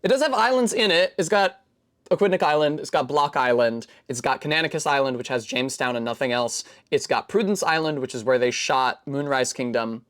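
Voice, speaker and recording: A woman's voice: extremely low pitch, a little fast. A woman from New England streaming casually as she builds a Lego set, rambling through long digressions with many fillers and self-corrections. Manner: rambling, digressive, chatty explainer.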